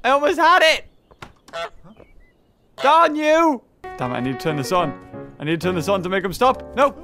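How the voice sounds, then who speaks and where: A woman's voice: lowish voice, very animated, very fast, soft background music. A woman giving playful, teasing commentary while playing a video game, often laughing and squealing at the characters. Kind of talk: casual let's-play commentary.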